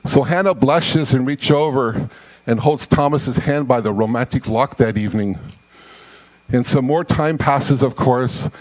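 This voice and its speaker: A man originally from Scotland telling long storytelling jokes in a folksy, conversational way with drawn-out pauses. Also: medium pitch, poor audio. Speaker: comedian. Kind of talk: storytelling joke.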